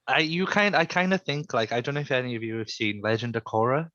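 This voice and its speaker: A man's voice: mid-range voice, fast, a bit bright, no echo, highs cut off. A man with a Welsh accent, chatting in a hesitant, rambling way. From Wales. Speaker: tabletop player. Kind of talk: casual chat.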